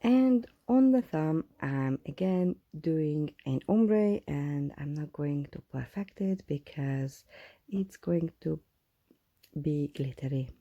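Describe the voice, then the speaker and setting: A woman, a nail technician, chatting to viewers in a casual tutorial voice-over, often dropping into soft whispered asides. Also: deep voice, animated, slow pace, no echo, muffled recording. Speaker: nail technician, channel host. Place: at home.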